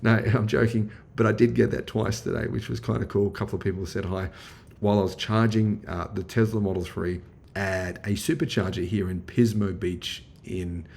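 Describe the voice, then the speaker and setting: A man's voice: fairly low pitch, fairly even intonation, moderate pace, gravelly, a little mellow, slight background noise. An Australian man chatting enthusiastically in a casual car review vlog, full of fillers. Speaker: car vlogger.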